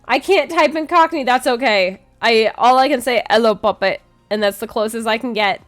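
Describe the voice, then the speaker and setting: A woman's voice: a little high, normal speed, a bit bright, faint music behind. A woman streaming a game, chatting casually with her viewers, giggling often and restarting her sentences. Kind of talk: casual chat with chat.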